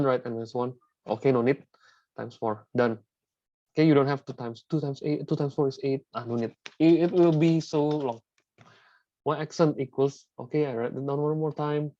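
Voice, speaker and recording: A man's voice: medium pitch, darkish tone, no echo, muffled recording. A man teaching a math lesson, working through the examples step by step, often repeating words and asking "right?" after each step.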